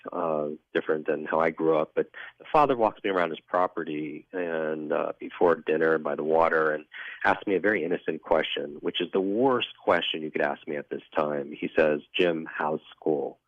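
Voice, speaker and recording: A man being interviewed as a guest, telling a personal story in an earnest, reflective way, often halting and restarting. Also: very deep voice, no echo. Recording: dull lo-fi dry recording.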